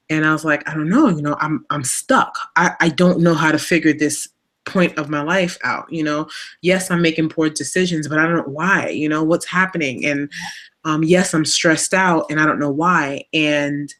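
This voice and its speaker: A woman shares a personal story on a talk show. She speaks candidly, full of fillers and little restarts. She grows animated as she retells it. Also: deep voice, moderate pace.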